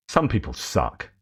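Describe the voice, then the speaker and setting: A man's voice: fairly bright tone, slight background noise. A man hosting a news commentary show, talking in a wry, sarcastic way. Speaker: host.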